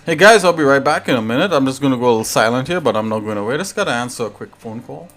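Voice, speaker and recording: A man's voice: mid-range voice, animated, rapid-fire, fairly bright tone, soft background music. Rambling American man hosting a stream. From United States. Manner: rambling, talkative, filler-heavy. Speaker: live-stream host. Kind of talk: casual chat with stream viewers.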